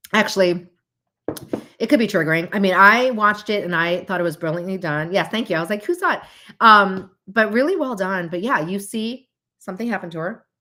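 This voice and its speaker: A woman hosting a casual livestream talk and chatting to her audience, animated, with frequent laughs and asides. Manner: animated, acts out quoted voices with big pitch jumps. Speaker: host.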